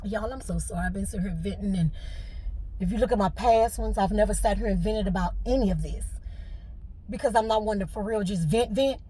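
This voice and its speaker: A woman's voice: medium pitch, a little fast, mellow, slightly rough. A middle-aged woman, venting to camera with emotion and fighting back tears. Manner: tearful, fighting back crying. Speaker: vlogger.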